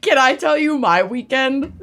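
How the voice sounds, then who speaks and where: A woman's voice: sits high, expressive, measured pace, fairly bright tone. A woman in her thirties co-hosting a podcast in casual chat, wry and blunt, swearing offhandedly. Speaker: podcast co-host.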